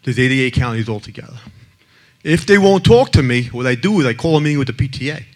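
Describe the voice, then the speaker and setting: Speaking to an audience as a child abuse prevention advocate, a man with an expressive, fast, mid-range voice gives a blunt talk. He's brash and tells joking stories, acting out the other people in them.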